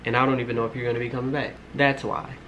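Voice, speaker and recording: A man's voice: mid-range voice, level tone, very fast, fairly bright tone, muffled recording, a little hiss or hum. A man in his twenties casually telling a personal story to his viewers, rambling, with lots of filler words and swearing. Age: 20s. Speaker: storytime vlogger.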